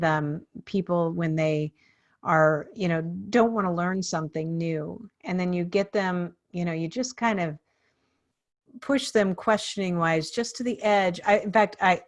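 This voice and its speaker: Animated woman storyteller hosting a podcast. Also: on the low side. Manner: animated storyteller, acts out quoted people. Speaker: podcast host. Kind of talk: casual interview storytelling.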